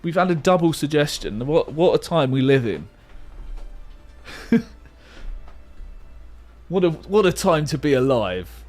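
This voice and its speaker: A young man hosts a live stream, calling each guess from chat like an excited commentator. His voice swoops up and down with a lot of life as he hypes the viewers on. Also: mid-range voice, unhurried, long pauses. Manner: hyped play-by-play, like a sports commentator. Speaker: livestreamer.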